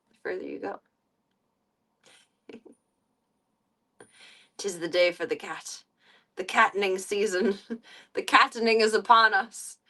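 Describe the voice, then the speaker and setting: A woman's voice: mid-range voice, bright, forceful tone. Playful giggly woman streamer, off-mic. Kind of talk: casual live-stream chat. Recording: voice a bit distant from the mic.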